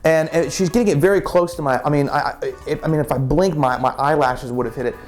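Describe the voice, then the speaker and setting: Casual storyteller, rambling, stumbling over words, music faint behind. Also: male voice, a little high, quick pace. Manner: rambling, many restarts and repeated words.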